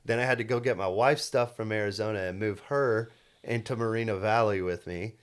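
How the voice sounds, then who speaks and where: Deep-voiced young man rambling earnestly. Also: a little fast, smooth. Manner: earnest, rambling, full of restarts and "like". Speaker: podcast co-host and solar salesman. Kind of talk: casual storytelling chat.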